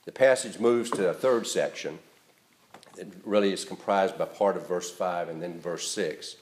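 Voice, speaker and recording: A male pastor giving an earnest, emphatic sermon that rises in stress and then drops to a soft, quiet close. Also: sits low, normal speed, roomy sound, slight background noise. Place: church.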